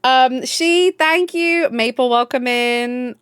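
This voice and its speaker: A woman's voice: high voice, slow pace, few pauses, fairly bright tone, clean tone, no room sound, studio quality. Bubbly gushing young woman streamer. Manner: bubbly, gushing, swears freely. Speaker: live streamer. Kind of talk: casual chat.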